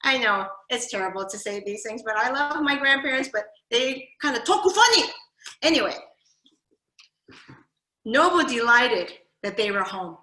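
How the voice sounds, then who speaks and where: A woman telling her family's history at a library talk, lively and animated, acting out her grandfather's jokes. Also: a little high, moderate pace. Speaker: storyteller giving a library talk. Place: library event room. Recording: echoey room.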